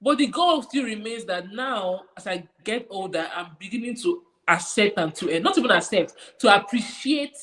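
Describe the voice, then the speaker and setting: A woman's voice: mid-range voice, lively intonation, moderate pace, hardly any pauses, fairly bright tone, low-quality recording. A woman with a Nigerian accent, co-hosting a movie review and talking reflectively, with many "you know" fillers. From Nigeria (Igbo). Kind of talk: casual chat.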